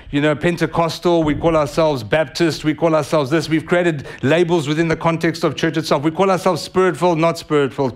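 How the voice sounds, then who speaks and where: A man with a high, bright-edged voice preaches a sermon in a church. He tells his story in an easy, conversational way, then climbs into urgent, fervent exhortation. His words push forward with conviction. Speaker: pastor. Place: church sanctuary.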